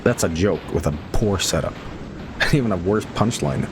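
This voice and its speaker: A man with a deep, expressive voice streams a horror game at a normal speed, with background noise audible. Between moments he makes rambling jokes and chats casually.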